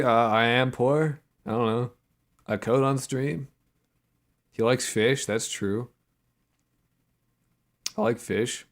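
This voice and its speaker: A man's voice: medium pitch, animated, extremely slow, pauses often. A man streaming his game development and chatting casually with his viewers, reading their messages aloud and answering with profane, joking banter. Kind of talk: casual livestream chat.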